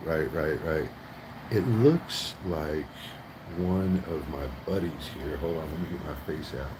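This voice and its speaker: A man with an extremely deep voice rants on his vlog, rambling and swearing and tagging his points with right. He is in a vehicle, and steady road noise hums beneath his voice. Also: measured pace. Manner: profane, rambling, keeps asking right. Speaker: vlogger. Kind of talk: ranting vlog.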